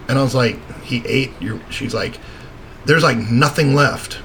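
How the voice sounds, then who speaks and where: A man's voice: mid-range voice, a little slow, pauses often, a bit bright, slight background noise. A man co-hosting a casual talk show, telling a story in a laid-back way, swearing and laughing often. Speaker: podcast co-host.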